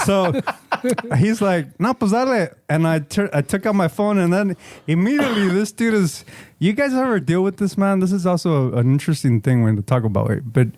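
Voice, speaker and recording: A man's voice: high voice, expressive, a little fast, a little mellow, no echo, studio quality. A middle-aged man, co-hosting a podcast, telling a long story in a casual, profane, rambling way and slipping into Spanish. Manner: swears often, code-switches into Spanish, rambling storyteller. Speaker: podcast co-host.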